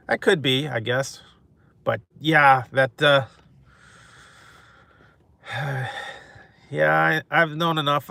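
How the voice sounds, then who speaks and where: Rambling mukbang host, male, casual chat with viewers, bright tone, dry close sound. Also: medium pitch, creaky, no room sound. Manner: rambling, chuckling often.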